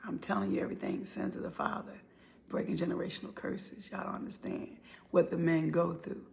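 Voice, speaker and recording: A woman's voice: on the low side, fairly even intonation, brisk, gravelly, slight background noise. A middle-aged woman and life speaker telling a painful personal story with dramatic emotion, at times sinking to near whispers. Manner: dramatic, acts out dialogue, drops to near whispers.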